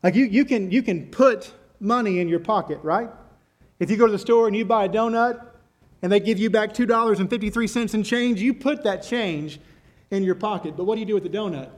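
A pastor preaches in a church, his voice sitting notably high for a man. He leans hard on key words, repeats them for weight, and keeps turning to the congregation with direct questions. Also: brisk. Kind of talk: sermon.

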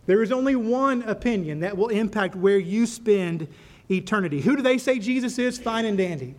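A man's voice: high-pitched, animated, moderate pace. A man preaching a sermon to a live congregation as pastor, repeating rhetorical questions and telling a story to drive his point home. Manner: tells a story to make a point.

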